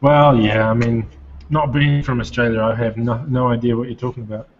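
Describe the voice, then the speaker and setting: A man's voice: mid-range voice, level tone, a little fast, noisy background. A man from outside the United States, co-hosting a casual online hangout with dry, wry humor. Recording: husky, lo-fi video call audio.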